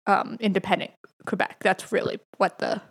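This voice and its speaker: A woman's voice: medium pitch, level tone, husky. Dry-witted woman answering quiz questions. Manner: quick guesses, dry teasing. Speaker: quiz contestant. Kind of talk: casual quiz chat.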